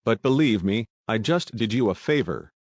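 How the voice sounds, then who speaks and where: A man voicing a calm, menacing army sergeant who speaks with quiet, controlled threat in an audiobook. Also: on the low side, moderate pace, dry recording.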